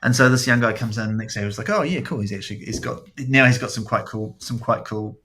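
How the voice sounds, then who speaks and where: A man hosting a casual podcast chat, rambling through stories with lively energy and frequent swearing. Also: on the low side, quick pace, slight background noise. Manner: rambling, animated storyteller who swears freely. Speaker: podcast host.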